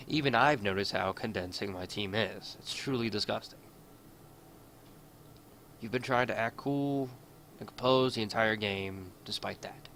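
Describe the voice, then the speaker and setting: A man's voice: lowish voice, fairly bright tone, a little hiss or hum. A man reading a visual novel aloud in first person, adding his own asides. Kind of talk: reading game text aloud.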